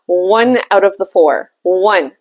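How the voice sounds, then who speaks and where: A woman's voice: medium pitch, lively intonation, takes it slowly. A woman telling a personal story in a candid, chatty way, swearing freely and laughing often. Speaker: tarot reader and vlogger. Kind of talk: casual storytelling.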